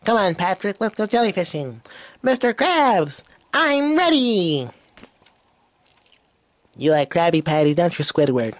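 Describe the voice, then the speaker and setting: A squealing giddy SpongeBob. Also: male voice, high-pitched, unhurried, long pauses, dry recording, pitched above the performer's own voice. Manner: squealing, excitable. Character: giddy hyper cartoon sea sponge boy.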